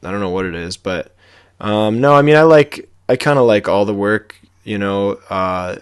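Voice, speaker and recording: A man co-hosts a woodcarving podcast in a casual chat, speaking in a low-key, self-deprecating way that trails off as each thought ends. He talks at a moderate pace in a clear, resonant tone.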